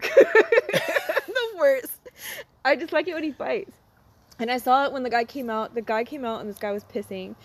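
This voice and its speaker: A woman's voice: on the high side, fast. A woman co-hosting a podcast in casual chat, rambling and laughing as she tells stories. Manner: rambling, laughs often, trails off. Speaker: podcast co-host.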